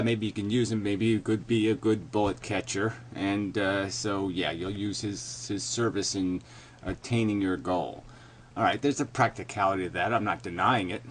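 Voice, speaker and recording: Profane ranting middle-aged man. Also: a little hiss or hum. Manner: mocks others in a meek high voice. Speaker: video commentator. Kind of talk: ranting monologue.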